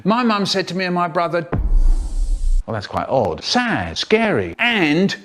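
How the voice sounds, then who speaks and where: A man's voice: huge pitch swings, slow pace, a bit bright, full character voice. A man doing a rambling old storyteller poet. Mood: absurd. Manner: rambling nonsense anecdotes, sudden pitch jumps. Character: impression of an elderly male children's poet, storyteller. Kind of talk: parody storytelling.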